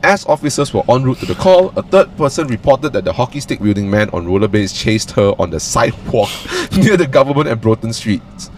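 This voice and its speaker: A man's voice: medium pitch, very animated, fairly quick, hardly any pauses, slight background noise. A man co-hosting a casual podcast, reading a news story aloud with sarcastic asides and frequent laughter. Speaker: podcast co-host. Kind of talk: casual chat.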